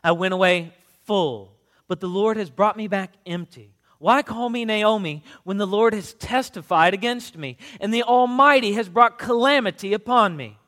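A man's voice: high voice, normal speed, sharp tone, in a large hall, pitched above the performer's own voice. A man voicing a grieving, bitter older widow who laments her losses.

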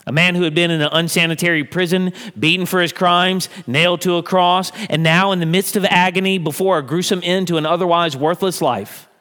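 A man's voice: on the high side, fairly bright tone. A man preaching a sermon in an earnest way, building to emphatic peaks. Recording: long hall reverb.

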